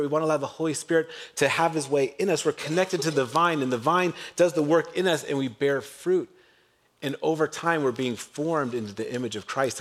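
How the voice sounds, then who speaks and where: A male pastor preaches a sermon with a voice a bit higher than most men's. He is animated and slips into other voices to act out the people in his story. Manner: animated, acts out characters with shifting voice.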